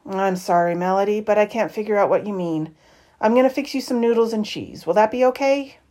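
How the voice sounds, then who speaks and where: A woman reading the lines of a patient, gentle father who keeps asking questions to understand his child. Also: high-pitched, brisk, natural voice. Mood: puzzled.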